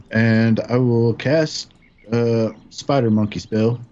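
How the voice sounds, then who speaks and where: Slow low guy at the game table, lots of ums, kinda dull lo-fi audio. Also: steady tone, warm tone. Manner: hesitant, many ums and restarts. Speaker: player. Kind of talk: casual game chat.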